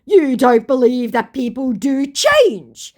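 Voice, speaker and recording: A woman's voice: sits high, very animated, a little mellow, voice pushed up, exaggerated voice. Woman mimicking a whiny male scammer. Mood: pleading. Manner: wheedling, drawn-out. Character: pleading male online scammer, evasive.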